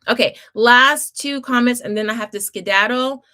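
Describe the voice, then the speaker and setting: A middle-aged woman hosts a casual homeschool livestream, reading viewer comments and offering encouraging, chatty advice with laughs and restarts. She addresses viewers in a Southern style, her slightly high voice sharp in tone at a moderate pace.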